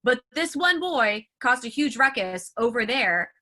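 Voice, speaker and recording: Woman trainer, chatty and animated, bright higher voice, video call mic. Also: unhurried. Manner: chatty, filler-heavy, animated. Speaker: sales trainer.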